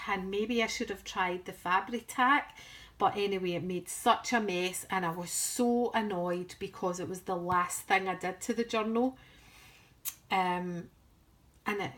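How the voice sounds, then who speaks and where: A woman's voice: medium pitch, a bit bright. A woman from the United Kingdom chatting through a craft project in a casual, rambling, self-deprecating way. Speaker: craft vlogger. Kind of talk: casual craft show-and-tell.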